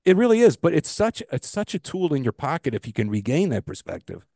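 A man's voice: fairly high pitch, sing-song, brisk, vocal fry, dark tone, no echo, clean studio sound. A middle-aged man co-hosting a casual podcast, telling stories and jokes in a loose, joking way with the odd swear. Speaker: podcast co-host. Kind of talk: casual chat.

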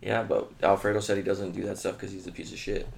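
Man, lowish voice, gravelly, teasing banter, faint background noise. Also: little pitch movement, quick pace. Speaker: podcast co-host. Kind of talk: casual chat.

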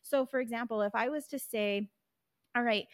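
This podcast host, a woman, teaches reading by walking through each step and demonstrating letter sounds. Her voice sits on the high side, a bit mellow, and she talks fairly quickly with no echo.

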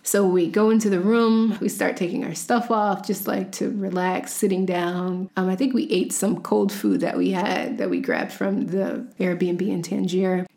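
A woman's voice: medium pitch, a little slow, vocal fry, hardly any pauses, darkish tone. Chatty woman telling a story. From United States. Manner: chatty, peppered with "like", acts out dialogue. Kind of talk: casual personal storytelling.

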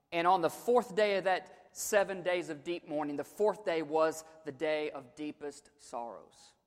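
A man with a high voice preaches in a church sanctuary, and his words ring out with long hall reverb. He moves between hushed storytelling and joking asides, then builds to loud, dramatic shouts. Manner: humorous asides. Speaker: pastor. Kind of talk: Easter sermon.

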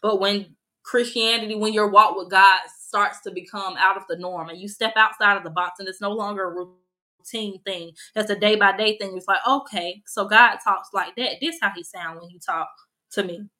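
Bright-voiced young woman podcast host. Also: mid-range voice, fairly even intonation, moderate pace, low-quality recording. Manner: conversational, earnest, sermon-like encouragement. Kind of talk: casual faith podcast livestream.

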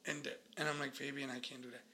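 A man's voice: medium pitch, level tone, fast, sharp tone, a little hiss or hum. A man, co-hosting a podcast and telling a story in laid-back slang, acting out the dialogue. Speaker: podcast co-host. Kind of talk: casual storytelling chat.

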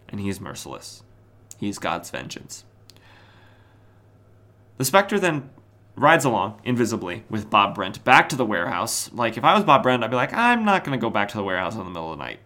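Bright-voiced man recapping comics wryly. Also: on the low side. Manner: wry, chatty retelling with quick asides and mock voices. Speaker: podcast host. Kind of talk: casual comic book recap.

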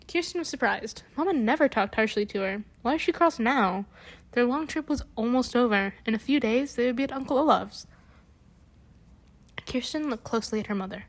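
A young woman reading a children's book aloud and breaking off into gushing, animated asides. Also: on the high side, fairly quick, poor audio. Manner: gushing, animated asides between read passages. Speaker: book reader.

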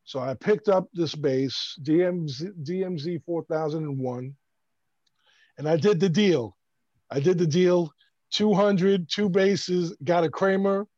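A man from Brooklyn, a bass player, tells a story casually and with energy, often restarting his sentences. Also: a little slow, dry recording, lo-fi sound. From Brooklyn, New York. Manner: animated, stammering restarts.

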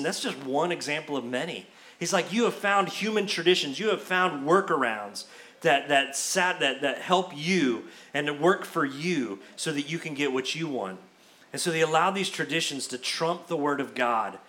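A man preaching a sermon as pastor, in an animated, conversational way with casual asides. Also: medium pitch.

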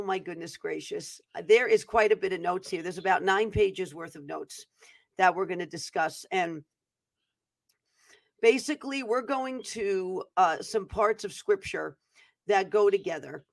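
A woman's voice: mid-range voice, no room sound. Earnest, devout woman host, dry sound. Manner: earnest and devout, loose and chatty with fillers. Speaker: host of a prophetic teaching show. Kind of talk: prayer and casual update before teaching.

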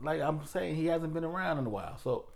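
A man's voice: on the high side, fast, creaky. A man who is a podcast guest, telling his stories casually and acting out the voices in them. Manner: animated storyteller, acts out voices in his stories. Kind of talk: casual storytelling.

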